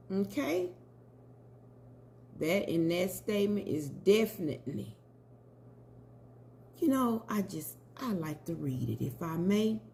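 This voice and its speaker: A tarot reader gives casual commentary and a reading in a warm, mid-range voice. She's chatty, speaking straight to her viewers and calling them y'all.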